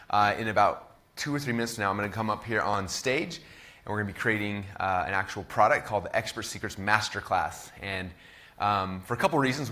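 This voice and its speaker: A man's voice: fairly low pitch, pushed and bright. A man in his thirties hosting and teaching a live-streamed course, talking casually with lots of ums and uhs.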